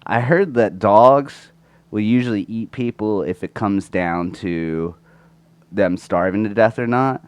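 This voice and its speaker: Podcast co-host, man with a sore throat: low voice, crude rambling chat, dry close mic. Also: unhurried, clean tone, no echo. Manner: crude, rambling, swears a lot. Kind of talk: casual chat. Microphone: close microphone.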